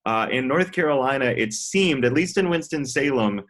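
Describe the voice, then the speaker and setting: A man who works as a sports broadcaster, a podcast guest chatting on a video call and telling lively stories, acting out the voices of people he quotes. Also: medium pitch, normal speed. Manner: animated, acts out quotes in storytelling. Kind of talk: casual chat.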